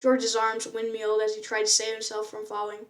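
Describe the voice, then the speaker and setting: A woman's voice: mid-range voice, completely flat delivery, fairly quick, recorded from a distance. A woman reading a novel aloud in an unpolished way, often stumbling and restarting words. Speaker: reader.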